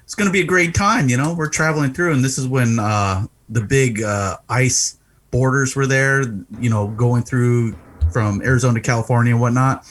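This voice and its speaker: A man's voice: medium pitch, normal speed, fairly bright tone. A family man on a casual podcast, telling a wry, grumbling story. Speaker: podcast co-host.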